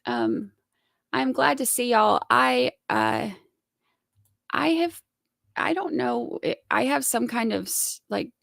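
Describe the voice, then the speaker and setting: A woman hosting a casual livestream, sick with a scratchy throat, talking softly and clearing her throat often. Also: a little high, sing-song, takes it slowly, long pauses, no echo, clean studio sound. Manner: soft-spoken, frequent throat clearing. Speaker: livestream host.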